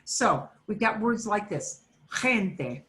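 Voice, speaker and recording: An American woman leads a beginners' Spanish lesson at an unhurried pace. She says each word slowly and clearly so learners can repeat it, and a faint noise sits under her voice. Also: mid-range voice, lively intonation, pushed and bright. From United States. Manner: slow, patient, repeats words for learners to echo. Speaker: Spanish teacher. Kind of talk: classroom pronunciation lesson.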